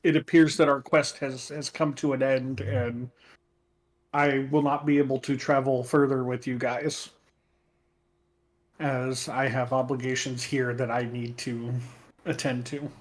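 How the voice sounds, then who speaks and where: A man voicing a gentle, humble male Lycan tribe leader who speaks softly and formally, with halting pauses. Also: mid-range voice, flat delivery, natural voice. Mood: solemn farewell. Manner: soft-spoken, halting, formal farewell speech.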